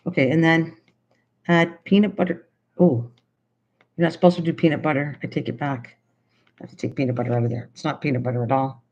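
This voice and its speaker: A woman's voice: low voice, fairly even intonation, quick pace, long pauses, darkish tone, highs cut off. Older woman chatting on a live stream. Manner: chatty, thinks aloud while writing, effusively thanks viewers. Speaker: livestream host. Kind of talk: casual live stream chat. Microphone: computer streaming setup.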